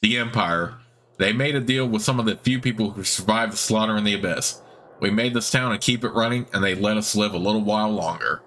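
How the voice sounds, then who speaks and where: A man voicing a sly male informant who feigns drunkenness in a role-playing game, speaking low and hushed. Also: brisk, slight background noise, lightly acted.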